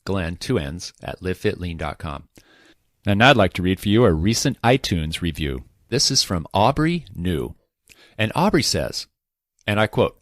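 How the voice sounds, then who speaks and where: Low-voiced male podcast host. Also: big pitch swings, moderate pace, dry recording, studio quality. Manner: direct, chatty, reads out listener messages. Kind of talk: solo podcast talk.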